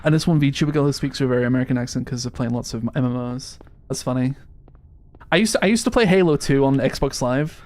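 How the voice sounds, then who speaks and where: A man's voice: medium pitch, quick pace, darkish tone. A young man with an English accent talks casually while streaming a horror game. He chats loosely and laughs often, poking fun at himself. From England. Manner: chatty, laughs often, self-deprecating. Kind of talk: casual gaming stream chat.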